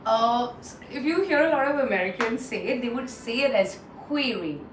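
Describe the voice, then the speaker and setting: A woman's voice: a little high, animated. Indian woman teaching pronunciation, echoey room. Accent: Indian English. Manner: repeats words slowly, mixes in Hindi phrases. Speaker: English pronunciation trainer. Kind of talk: casual online pronunciation lesson. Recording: echoey room, distant mic, faint noise.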